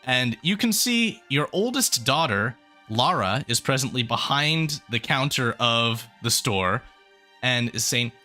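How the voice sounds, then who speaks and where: A man narrating as game master of a tabletop fantasy game, relaxed with frequent pauses. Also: mid-range voice, faint music behind. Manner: relaxed, lots of filler pauses.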